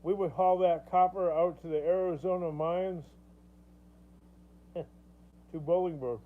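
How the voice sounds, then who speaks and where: A man's voice: sits high, fairly even intonation, slow pace. A man hosting a casual livestream, rambling, chuckling often and answering viewer comments. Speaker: livestream host. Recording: tinny phone-like sound with faint hum.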